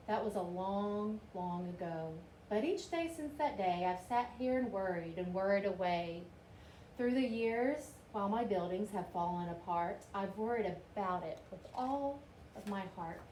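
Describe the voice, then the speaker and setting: Lady reading a rhyming kids book, bouncy expressive rhythm, bit of hiss behind. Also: mid-range voice, a little slow. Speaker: reader. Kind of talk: storybook reading. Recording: roomy with faint hiss.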